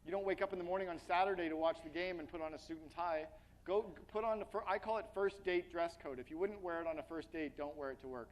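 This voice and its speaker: A man giving an energetic, blunt business keynote to a live audience, speaking to them directly and asking them questions. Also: high voice, rough recording.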